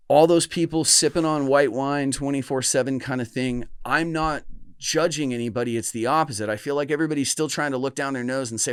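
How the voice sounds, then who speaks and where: A middle-aged man with a smooth, resonant voice, recorded close and dry. He hosts a podcast in a reflective, earnest manner. He often restarts and stumbles over his words. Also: medium pitch, steady tone, a little fast, no room sound. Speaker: podcast host. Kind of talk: casual chat.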